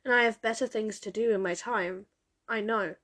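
A woman reading the lines of a weary, guarded immortal male hunter in a low, dull, quiet way. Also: normal speed, natural voice. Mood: bitter. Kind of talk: audiobook character reading.

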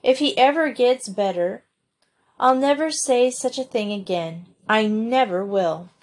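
A woman's voice: a little high, measured pace, voice pushed up. A woman voicing a prim young farm girl who scolds the others in a reproachful, proper way.

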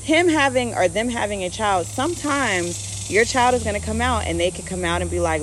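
A woman's voice: mid-range voice, lively intonation, normal speed, hardly any pauses, a little hiss or hum. A woman co-hosting a casual talk, explaining her ideas at length and acting out quotes as examples. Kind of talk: casual conversation.

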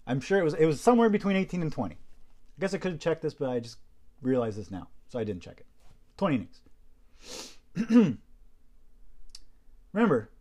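Hoarse man rambling through a story. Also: fairly high pitch, brisk, pauses often. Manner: rambling, animated, repeats himself; keeps clearing his throat. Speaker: podcast host. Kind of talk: casual storytelling monologue.

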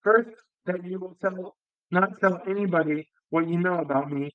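Cast: grave, terse middle-aged fugitive, read by a man, smooth clear voice, lo-fi. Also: high voice, moderate pace, dry recording, close to an everyday voice. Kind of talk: audiobook reading.

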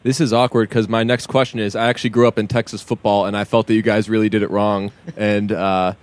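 A man's voice: lowish voice, little pitch movement, fast. A man from Massachusetts interviewing a guest, casual and joking, with some profane banter. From Massachusetts, USA.

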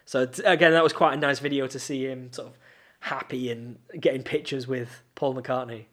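A man's voice: mid-range voice, fairly even intonation, moderate pace, a bit bright. A man, co-hosting a podcast and telling long rambling anecdotes in casual chat, laughing often. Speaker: podcast co-host.

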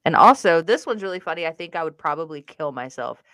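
A woman co-hosting a casual podcast, playful and quick to laugh. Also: sits low, lively intonation, a bit bright, clean tone, dry recording, studio quality. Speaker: podcast co-host. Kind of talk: casual chat.

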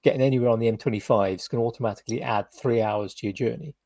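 A man from the UK chatting on a podcast, his voice a little husky and recorded dry and close. He tells loose, rambling stories full of "kind of" and restarts. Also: medium pitch, steady tone, racing, dark tone, no room sound. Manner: rambling anecdotes with many fillers and restarts. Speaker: podcast co-host. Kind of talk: casual chat.

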